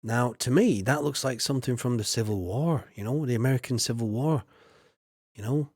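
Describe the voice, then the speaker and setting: A man's voice: mid-range voice, normal speed, darkish tone, husky, dry recording, clean studio sound. A man, casually commenting while streaming a farming game, chatty and jokey as he reads chat aloud.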